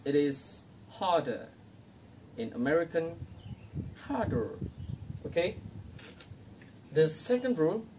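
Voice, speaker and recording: Student teacher from Indonesia, young adult, very slow, repeats each example word, non-native grammar; recorded from a distance with faint background noise. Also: medium pitch, darkish tone. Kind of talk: classroom grammar lesson.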